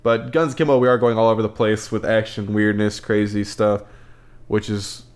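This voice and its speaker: A man's voice: lowish voice, little pitch movement, moderate pace. A man giving a casual, enthusiastic film review, rambling and repeating words as he compares movies.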